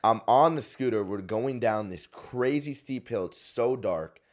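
A man's voice: mid-range voice, a little slow. A man from Arizona casually telling a long, slangy story in a podcast chat, often laughing as he talks.

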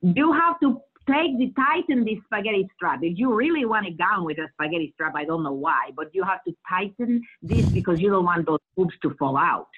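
A woman's voice: fairly low pitch, lively intonation, moderate pace, hardly any pauses, slightly rough. A woman voicing her older Dominican mother, a blunt, bossy bridal gown seamstress who speaks with a Spanish accent. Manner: bossy, blunt, matter-of-fact. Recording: tinny phone-like line.

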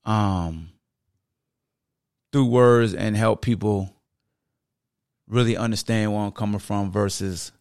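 A male podcast host talks straight into his microphone in a relaxed, conversational way. His voice sits low and gravelly. He often breaks into the voices of fans as he quotes them, and the sound is close and dry. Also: takes it slowly, pauses often, dry recording. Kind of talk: casual podcast talk.

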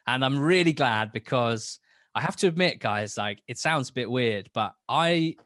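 Young man, football podcast guest, eager rambling chat, mid-pitched voice, dry close sound. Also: animated, normal speed, fairly bright tone, dry recording. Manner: enthusiastic, rambling, many restarts. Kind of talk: casual chat.

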